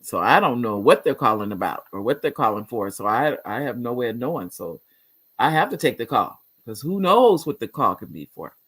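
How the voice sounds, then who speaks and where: A woman's voice: very deep voice, big pitch swings, brisk, slightly rough. A middle-aged woman hosting a casual live talk show, chatty and rambling as she reads viewer comments, laughing often.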